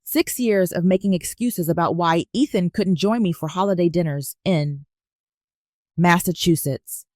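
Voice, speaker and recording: A woman narrating a first-person story as scripted narration in a measured, even storytelling delivery. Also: on the low side, dry recording, studio quality.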